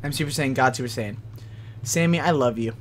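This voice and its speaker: A man's voice: medium pitch, a little fast, fairly bright tone. A man giving casual gaming commentary, goofy and rowdy, trash-talking and bragging as he plays. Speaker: let's play gamer. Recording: noisy with game sound behind.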